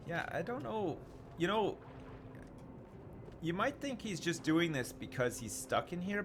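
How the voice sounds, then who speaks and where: A man talks his way through a video game on a live stream, thinking aloud and letting the odd swear slip. His pitch swings up and down a lot as he rambles. A steady hiss of noise sits under his voice. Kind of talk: casual live-stream commentary.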